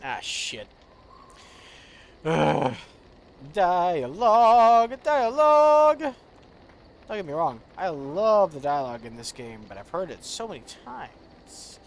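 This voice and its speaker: A man streaming a video game, chatting casually, rambling and swearing in his excitement, with a slight rural American accent. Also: fairly high pitch, measured pace, vocal fry, slight background noise.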